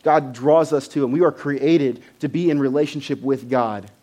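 A man preaching a sermon to a congregation, conversational, with loud emphatic bursts and frequent repeated words. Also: mid-range voice, fairly even intonation, normal speed. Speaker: pastor.

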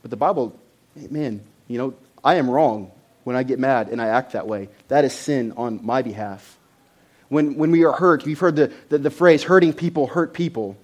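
A man preaching a sermon to a congregation, conversational, with loud emphatic bursts and frequent repeated words. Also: mid-range voice, moderate pace. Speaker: pastor.

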